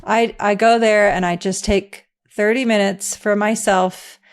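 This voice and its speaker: A woman's voice: mid-range voice, fairly even intonation, measured pace, clean tone. This is a middle-aged woman, speaking in a mid-range voice. She is a guest in a candid interview and talks in an earnest, reflective way. She laughs easily between her thoughts.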